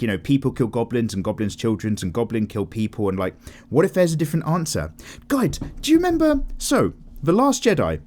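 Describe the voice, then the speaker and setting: A man in his thirties, hosting a relaxed drawing chat. He rambles from one thought to the next and swears casually. His pitch leaps up and down as he acts out quotes in his talk. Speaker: art channel host answering comments.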